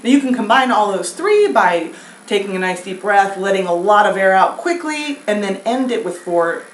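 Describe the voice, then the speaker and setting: A woman vocal coach giving a singing lesson, explaining breath and throat exercises in a relaxed, chatty way and demonstrating sung scales. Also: medium pitch, moderate pace, far from the mic. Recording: echoey room with faint noise.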